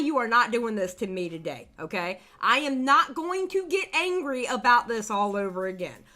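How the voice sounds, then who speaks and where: A woman's voice: on the high side, very animated, normal speed, few pauses, bright, forceful tone. A woman hosting a reaction commentary, exasperated and repeating herself as she insists she won't get angry. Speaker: commentary channel host.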